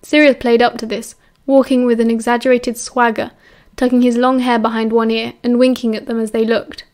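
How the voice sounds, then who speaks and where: A woman with a British accent reading a novel aloud as an audiobook narrator, in a measured, steady way. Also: fairly high pitch.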